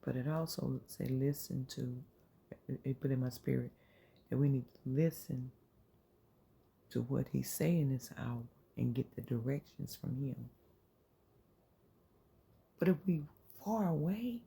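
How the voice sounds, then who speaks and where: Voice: medium pitch, measured pace, creaky, long pauses, mellow, breathy edge. A channel host giving an earnest, informal inspirational faith talk, repeating phrases and dropping into whispers to make a point.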